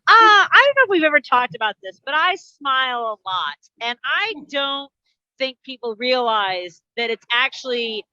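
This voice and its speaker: A woman's voice: high voice, big pitch swings, normal speed, pushed and bright, no echo, lo-fi sound. A woman comedian delivering a wry, chatty stand-up monologue over a video call.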